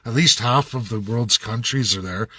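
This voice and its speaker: A man's voice: mid-range voice, moderate pace, pushed and bright, slightly rough. A man delivering an angry, repetitive political rant full of rhetorical questions, in the manner of a regular commentator. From Canada. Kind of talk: ranting monologue.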